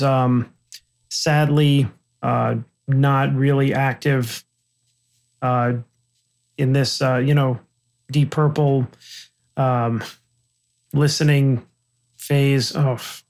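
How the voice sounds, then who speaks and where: A man co-hosting a casual podcast, talking in a halting way and losing his words. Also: mid-range voice, steady tone, a little mellow. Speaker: podcast co-host.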